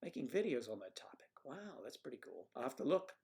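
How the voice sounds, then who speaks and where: A man hosting a casual livestream, rambling through stories and viewer messages and trailing off into low mutters as he clicks around. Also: sing-song, a little fast, gravelly, a little mellow. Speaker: livestream host.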